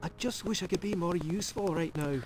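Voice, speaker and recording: Man voicing a helpful old-world herbalist, stage Scottish brogue, high voice, game character. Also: a little fast, slight background noise, natural voice, low-quality recording. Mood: earnest. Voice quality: broad put-on brogue. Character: kindly fussy male village herbalist.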